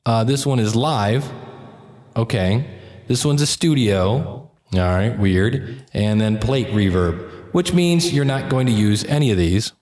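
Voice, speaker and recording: A male podcast host does a casual gear demo, chatty, wry, and upbeat. His voice is on the low side, animated, a little slow, and darkish, recorded with clean studio sound and no room sound.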